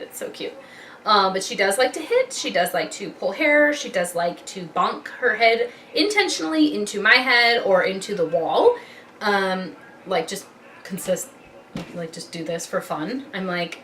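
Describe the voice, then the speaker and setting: A woman's voice: medium pitch, expressive, a little fast, fairly bright tone. A young woman, a mom vlogger, chatting casually and rambling from one thought to the next. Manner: chatty and rambling, loses her train of thought. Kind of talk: casual chat. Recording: slightly distant mic with faint background noise.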